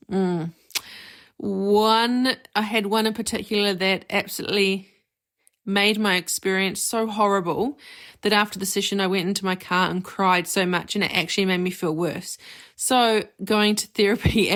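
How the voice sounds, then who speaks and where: A woman's voice: mid-range voice, steady tone, moderate pace, a bit bright. A woman hosting her own podcast, talking openly as a therapist about her experience. Her speech is candid and conversational, with casual "like" and "you know" fillers. She speaks as a reflective, personal monologue.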